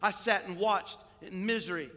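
An older man preaching a sermon as pastor, moving between quiet storytelling and loud, rising exhortation. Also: high-pitched, moderate pace. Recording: echoey hall with long reverb.

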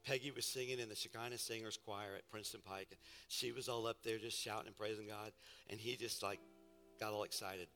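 A man preaching a sermon, his tone bright and forceful as he jokes and calls out to the congregation. The sound carries a long church-hall reverb. Soft music lingers faintly behind. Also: fairly low pitch, fairly quick. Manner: storytelling, playful and animated, calls out to the congregation. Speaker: pastor.

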